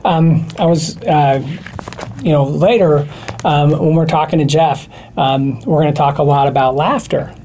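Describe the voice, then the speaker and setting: A man appearing as a guest expert, explaining communication in a loose, animated way with many fillers. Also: fairly high pitch, a little slow. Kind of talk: casual chat.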